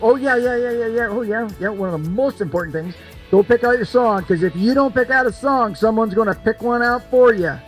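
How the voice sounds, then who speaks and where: A man's voice: very high voice, brisk, over music. An older man emceeing a cornhole game at an event, joking and coaxing people along with lots of repetition. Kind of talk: lively crowd banter.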